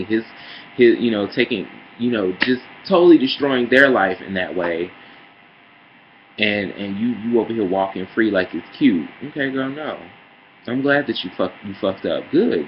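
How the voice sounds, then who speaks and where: A man ranting sassily in a casual vlog, calling listeners girl and honey, heated and swinging between mutters and loud outbursts. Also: medium pitch, dull audio, a little hiss or hum. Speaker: vlogger. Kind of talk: casual opinion rant.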